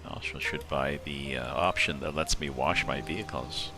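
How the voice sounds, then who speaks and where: Male game streamer, very deep and creaky, laid-back thinking-aloud chatter, music audible underneath. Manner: thinks aloud, mumbling asides and working sums out slowly. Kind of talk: casual live-stream commentary while playing. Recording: music playing clearly behind the voice. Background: background music.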